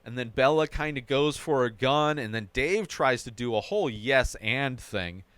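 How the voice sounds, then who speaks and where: A man's voice: mid-range voice, lively intonation, normal speed, a bit bright, smooth, no echo. A man hosting a podcast, recapping a TV episode in a casual, run-on way and often tagging his sentences with "right?". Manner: narrates plot in a run-on way, often adding "right?".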